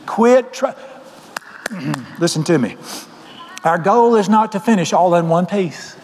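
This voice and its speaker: A man's voice: high voice, expressive, takes it slowly, darkish tone, slight background noise. A man preaching a fiery sermon in a folksy, joking manner, often hollering. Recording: long hall reverb.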